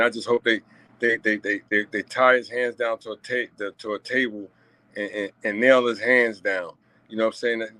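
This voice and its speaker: A man's voice: mid-range voice, pushed and bright, no room sound, rough recording. A man talking to his viewers in a casual commentary monologue, emphatic and repetitive, checking in with asides and chuckling between points. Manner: emphatic and repetitive, frequent "you know what I'm saying" asides. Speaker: vlogger commenting on a news story.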